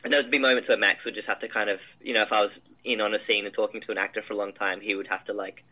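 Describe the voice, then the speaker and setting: A man's voice: fairly low pitch, level tone, very fast, sharp tone, low-quality recording. A man, a film director, describing his shoot in a casual interview, rambling with many fillers and restarts.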